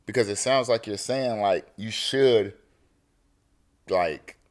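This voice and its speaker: A man's voice: lowish voice, takes it slowly. A man co-hosting a podcast in casual debate, emphatic and profane, insisting on finishing his point. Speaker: podcast co-host.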